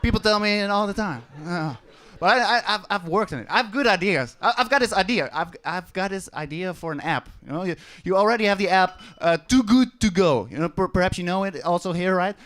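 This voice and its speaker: Halting comedian, high voice. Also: male voice, expressive, fairly bright tone. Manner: halting, repeats words, addresses crowd. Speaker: stand-up comedian. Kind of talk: stand-up set. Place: comedy club stage.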